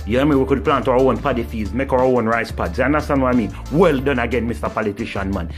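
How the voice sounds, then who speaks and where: A man's voice: medium pitch, quick pace, faint music behind. A man with a Jamaican accent, talking as a vlogger in a sarcastic spoken rant. He mocks by repeating "well done" and keeps tagging his lines with "you understand".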